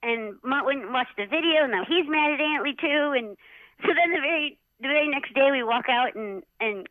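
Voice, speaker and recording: Woman, middle-aged, high-pitched, animated casual storytelling, dry muffled recording. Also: normal speed, dry recording. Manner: animated, acts out others' lines with many "like" fillers. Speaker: interview guest, former jockey. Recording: dull lo-fi audio.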